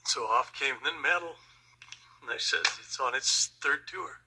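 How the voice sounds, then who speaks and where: An older man and Vietnam veteran, telling a personal story slowly and with emotion. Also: medium pitch, bright, forceful tone, husky, poor audio. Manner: slow, emotional, reflective.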